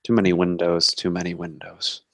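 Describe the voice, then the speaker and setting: Brief: man voicing a courtly male vampire for a tabletop game, very low voice, dry close sound. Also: level tone, vocal fry, no echo. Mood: wry. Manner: formal, courteous, unhurried storytelling. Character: homeless male vampire, polite and measured. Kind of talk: tabletop role-play in character.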